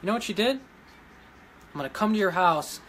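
A man who runs a dog rescue, ranting emotionally to his followers, pleading one moment and shouting defiance the next. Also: high voice, expressive, moderate pace, slight background noise. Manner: agitated, pleading, swings between quiet and loud. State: emotional after crying. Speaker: vlogger running a dog rescue.

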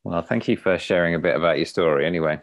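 A man's voice: low voice, quick pace, no room sound. A man hosting a podcast, asking brief, polite questions. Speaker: podcast host. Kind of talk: interview questions.

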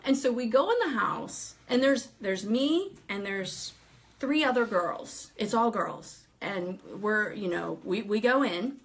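A woman telling a ministry story in casual talk, animated and laughing often as she acts out what people said. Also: medium pitch, measured pace.

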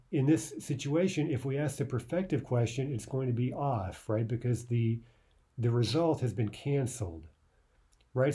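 A man teaching a language lesson in a conversational way, often checking in with "right?" and reading example phrases slowly and carefully. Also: medium pitch, mellow. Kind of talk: explaining a grammar lesson.

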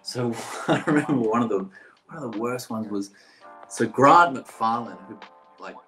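A Brazilian actor in his thirties, speaking at medium pitch and an unhurried pace, tells stories as a guest in a casual interview over a video call. He's relaxed and rambling, filling his speech with "like." The low-quality audio is echoey, with faint music in the background.

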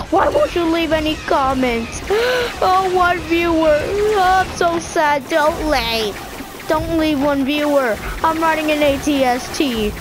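Excitable high-voiced woman gaming. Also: background noise. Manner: excitable, silly boasting. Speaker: gaming video maker. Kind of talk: let's-play commentary. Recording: game music over the voice. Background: video game music.

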